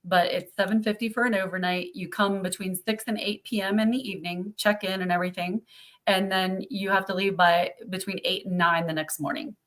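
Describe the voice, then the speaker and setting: A woman's voice: mid-range voice, steady tone, brisk, a bit bright. Woman, mid-range voice; chatty stream guest who laughs easily and acts out the people she quotes. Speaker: owner of a haunted site, guest. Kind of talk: casual live-stream chat.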